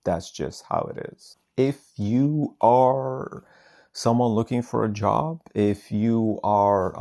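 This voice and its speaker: A man's voice: on the low side, gravelly, a little mellow. A man who is not a native English speaker, talking casually to camera about his interpreting work, rambling with many hesitations. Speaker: phone interpreter.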